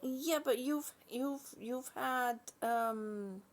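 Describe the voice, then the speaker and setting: A woman hosting a relaxed live chat from her home, greeting viewers by name, yawning, laughing and often losing her train of thought. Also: high-pitched, very slow. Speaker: livestream host.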